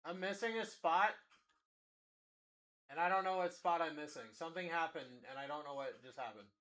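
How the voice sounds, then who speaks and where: A man hosts a live card-break stream with a high, bright voice. He keeps up a fast, hyped sales patter and talks straight to chat as he calls out players. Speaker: card break livestream host.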